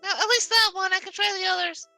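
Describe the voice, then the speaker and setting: A woman chats as a player in a tabletop game, earnest and insistent. Her voice is very high and piercingly bright, recorded dry and close. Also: steady tone, fast, creaky, dry recording, soft background music. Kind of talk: casual tabletop play.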